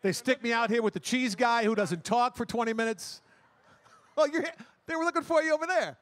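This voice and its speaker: A man's voice: extremely high pitch, fairly quick, a bit bright, dry recording. A man acting as emcee and bandleader, making upbeat, joking announcements from a festival stage. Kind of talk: live event announcements.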